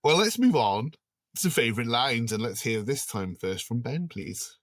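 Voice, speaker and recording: A man's voice: medium pitch, animated, normal speed, a bit bright, no room sound. A man hosting a casual podcast chat about a film, steering the talk and laughing easily. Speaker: podcast host.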